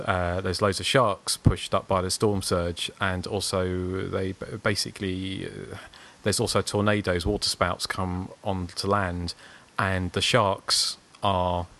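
Low low voice, posh-ish southern english guy rambling on a podcast. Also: fairly bright tone. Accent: English, southern, slightly posh. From Surrey, England. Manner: meandering, self-deprecating storytelling. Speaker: podcast co-host. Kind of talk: casual chat.

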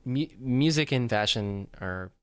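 A man co-hosting a casual podcast, rambling through jokes with plenty of fillers and restarts. His voice sits at an ordinary middle pitch and is recorded close and dry, with no room sound. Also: unhurried, clear, resonant tone, no room sound. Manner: rambling, animated, jokey, lots of fillers and restarts. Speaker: podcast co-host. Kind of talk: casual chat.

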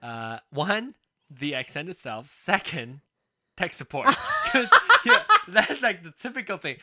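A woman's voice: fairly low pitch, wildly swooping pitch, measured pace, bright, forceful tone, no room sound, clean studio sound. A woman chatting casually, joking around and laughing often. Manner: jokey, laughs often, does comic voices. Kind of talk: casual chat.

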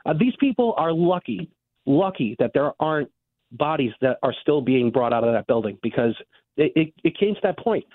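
A man calling in to a radio talk show, talking earnestly and getting emotional, with halting restarts. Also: a little high, big pitch swings, no room sound. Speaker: caller. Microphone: phone. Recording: tinny phone line.

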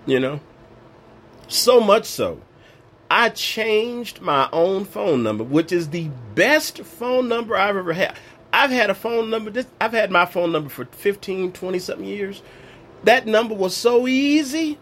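High-pitched and fairly bright, his voice swings widely in pitch at a measured pace. Sharing an emotional faith testimony, he questions and acts out snippets of dialogue, sounding a bit strained from a recently lost voice.

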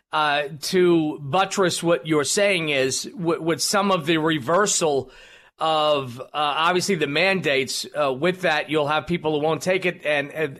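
A man's voice: on the high side, a bit bright. A man hosting a political talk radio show, rambling with many fillers and restarts. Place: radio studio.

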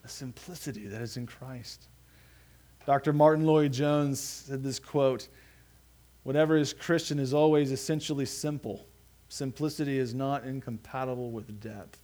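A man preaching a sermon in an earnest, halting way, with frequent restarts and phrase endings that drop soft. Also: medium pitch, steady tone. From United States. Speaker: pastor.

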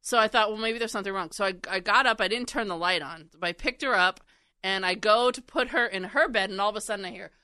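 Bright-voiced woman telling stories. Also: mid-range voice, fast, clean tone, no room sound. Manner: storytelling with frequent laughs. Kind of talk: casual chat.

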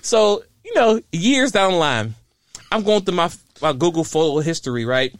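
A man's voice: on the high side, normal speed, no room sound. A man co-hosting a casual talk show, telling stories with lots of laughter. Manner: animated, laughing storyteller. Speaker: podcast co-host. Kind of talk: casual storytelling chat.

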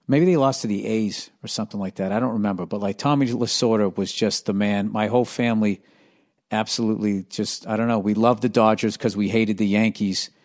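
A man with a hoarse, worn-out voice, pitched a little low, rambling through a casual podcast monologue. He keeps the energy low and jokes at his own expense, swearing freely. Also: steady tone, brisk, darkish tone. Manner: low-energy, conversational, swearing, self-mocking. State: hoarse, strained voice. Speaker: podcast host.

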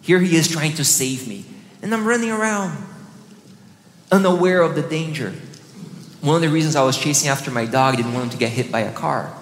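Animated pastor in an echoey hall. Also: male voice, a little fast, a little hiss or hum. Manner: animated, acts out his own quotes in a higher voice. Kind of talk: storytelling sermon.

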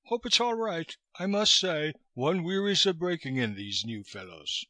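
A brisk, weary upper-class man with a faint Oxford accent speaks offhandedly in a raised, bright voice, as a man reads him aloud. The audiobook sound is close and dry. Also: on the high side, animated, no echo, pitched above the performer's own voice, full character voice.

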